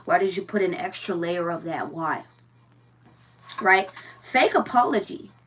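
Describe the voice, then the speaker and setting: A woman's voice: lowish voice, animated, a little slow, a bit bright, far from the mic. A woman giving a casual tarot reading, blunt and profane, firing rhetorical questions and repeating herself. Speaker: tarot reader.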